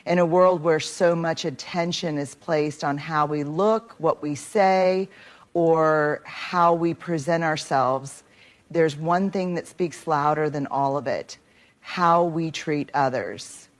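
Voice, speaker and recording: Female narrator, low register, measured and earnest motivational delivery.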